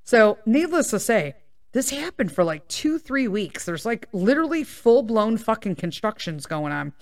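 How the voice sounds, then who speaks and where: This podcast host, a woman from the Chicago area, has a slightly high voice with big pitch swings and a moderate pace. Recounting a personal story in a loose, rambling way, she curses heavily, wanders off on tangents, and repeatedly checks in with "okay?" and "right?"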